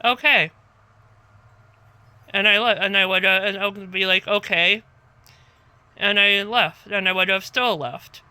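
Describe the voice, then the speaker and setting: A woman telling a story to the camera in a calm, rambling way that circles back and repeats itself. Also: mid-range voice, moderate pace, pauses often, clear, resonant tone, no echo. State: tired, half asleep. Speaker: vlogger.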